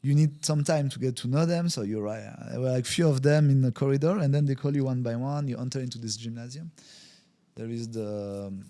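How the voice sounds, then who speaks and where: A man of average pitch tells a story as a podcast guest. He slips into quoted voices to act out each scene. His phrasing is non-native, and it is full of fillers and restarts. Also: brisk, dark tone. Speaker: podcast guest, wellbeing consultant. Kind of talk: conversational storytelling.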